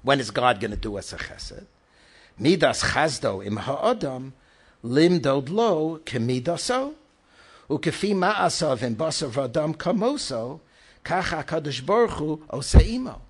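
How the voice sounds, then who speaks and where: Male rabbi lecturer, husky and pitched a bit high, emphatic with rhetorical questions. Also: very animated, a little slow. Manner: emphatic, rhetorical questions, Hebrew and Yiddish terms. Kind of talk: animated Torah lecture.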